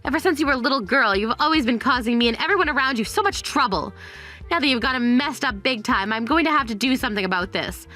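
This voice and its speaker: A woman's voice: sits high, expressive, fast, sharp tone. A synthetic woman's voice reading a greedy, insulting middle-aged mother in a text-message story. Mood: scolding. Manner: harsh, insulting. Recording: faint music underneath.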